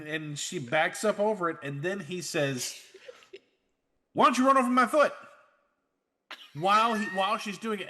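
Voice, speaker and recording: A man co-hosts a casual podcast, his voice sitting a little on the high side. He tells stories with energy, jumping into the voices of the people he is quoting and laughing as he goes. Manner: animated storyteller, acts out quotes, laughs often. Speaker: podcast host. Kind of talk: casual podcast chat, storytelling.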